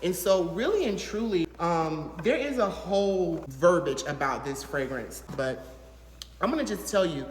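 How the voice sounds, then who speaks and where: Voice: mid-range voice, animated, unhurried. Gushing reviewer in an echoey room. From Southern United States. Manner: gushing, enthusiastic, chatty with many fillers. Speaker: fragrance reviewer, channel host. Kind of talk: casual to-camera product review. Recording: echoey room with long reverb.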